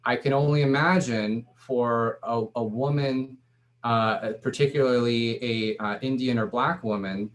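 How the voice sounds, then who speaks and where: A man's voice: mid-range voice, fairly even intonation, measured pace. A man and startup founder, talking to an audience in a loose, conversational way full of restarts and fillers. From Latino background. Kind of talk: casual talk to an audience.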